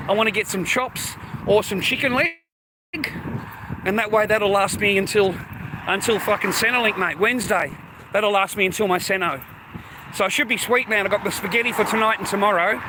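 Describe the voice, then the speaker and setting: High-voiced Australian man rambling outdoors. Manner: rambling, swears often, says mate and bro. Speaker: streamer. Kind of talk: casual rambling talk to viewers. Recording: outdoor traffic noise.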